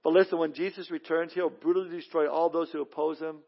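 A man with a high-pitched voice preaches through scripture verse by verse. He is earnest and emphatic, often repeating a word as he restarts a thought. The recording sounds dull and lo-fi. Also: little pitch movement, quick pace, vocal fry. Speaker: pastor teaching through a Bible book. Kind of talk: verse-by-verse sermon. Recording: dull lo-fi audio.

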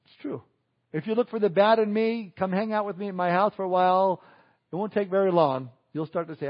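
A man's voice: sits high, fairly quick, highs cut off. A man preaching a conversational sermon, chuckling and adding asides to the congregation. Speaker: pastor.

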